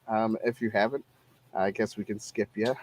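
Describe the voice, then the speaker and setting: A man's voice: on the low side, flat delivery, moderate pace. A man hosting a casual live-streamed talk show, chatting loosely and laughing often.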